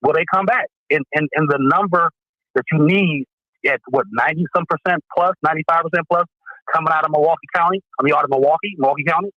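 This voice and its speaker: A man's voice: a little high, fast, no room sound. A man from Wisconsin calling in to a talk show, thinking aloud as he analyzes politics casually. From Wisconsin, USA. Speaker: caller. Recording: dull lo-fi call line.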